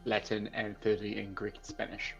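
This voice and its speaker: A man talks quickly and plainly as a tabletop game player. His sound is a bit dull and lo-fi, with faint music behind. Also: on the low side, completely flat delivery, creaky.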